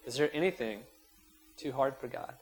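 On a poor-quality recording, a pastor with a mid-range voice preaches to his church at a moderate pace, retelling a scripture story and leading prayer. His passion builds, and he rises to loud, impassioned peaks when voicing prayers and quotes.

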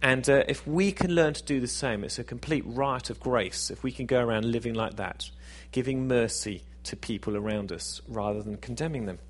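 A man's voice: mid-range voice, moderate pace, few pauses. Chatty jokey male preacher. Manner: conversational, self-deprecating, jokey. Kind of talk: sermon.

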